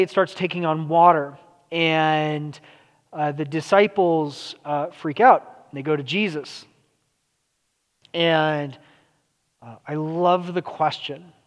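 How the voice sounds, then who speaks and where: Male preacher, conversational sermon delivery, fillers and restarts, long hall reverb. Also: fairly high pitch.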